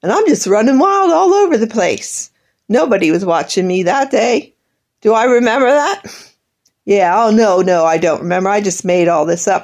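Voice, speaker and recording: A woman's voice: medium pitch, darkish tone. A middle-aged woman in an emotional monologue, bitter and accusing, rambling, her voice breaking into tears.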